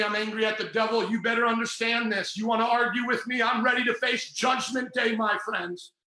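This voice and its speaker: A man preaching a fiery Pentecostal sermon, shouting and confronting his listeners. His voice sits high and sounds sharp and forceful. The room around him is echoey. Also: vocal fry.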